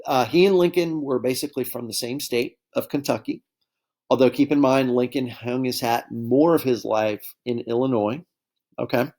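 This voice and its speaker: A man's voice: medium pitch, moderate pace, darkish tone. Male history teacher, easygoing classroom lecture, frequent check-ins with students. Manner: conversational, keeps addressing students as guys with frequent okay and right checks.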